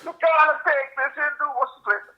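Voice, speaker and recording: A man mimicking a pushy male event worker in a mock Russian accent, speaking high and officious. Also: steady tone, moderate pace, lo-fi sound.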